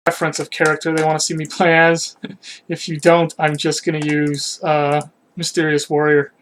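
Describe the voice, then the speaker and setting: A man's voice: a little high, fairly bright tone. A man casually chatting on a live game stream, self-critical and rambling, trailing off, a bit out of breath.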